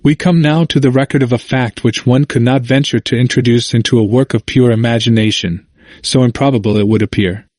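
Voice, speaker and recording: A man narrating a history audiobook in a measured, formal manner. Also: medium pitch, fairly even intonation, darkish tone, no echo, clean studio sound.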